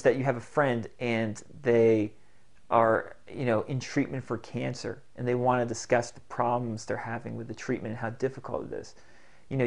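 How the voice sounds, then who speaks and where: A man's voice: medium pitch, gravelly, a little mellow. A man coaching a self-help exercise, explaining it in an earnest, repetitive way. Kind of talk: instructional talk to camera.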